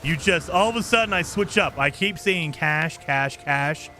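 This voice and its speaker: Bright and forceful, this man's fairly high voice moves at a normal pace over soft background music. He's streaming a game, keeping up casual live commentary while teasing his viewers with jokes and frequent laughter.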